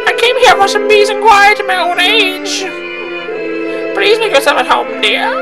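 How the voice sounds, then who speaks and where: Guy putting on a squeaky sweet old granny voice, loud game music behind. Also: moderate pace, gravelly. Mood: sweet, welcoming. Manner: shrill, quavering falsetto. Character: frail elderly woman, gentle and welcoming.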